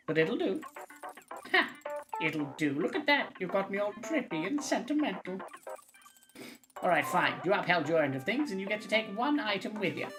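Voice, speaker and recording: A cantankerous, old-timey visitor, put on by a man, with a folksy drawl and gruff exclamations. The voice sits well above the performer's own. Game music plays underneath. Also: high voice, pitched above the performer's own voice.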